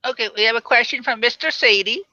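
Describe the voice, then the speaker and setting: A woman hosting a live show, briskly reading viewer questions to a guest. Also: fairly high pitch, sharp tone, dry recording. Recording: dull, dry lo-fi audio.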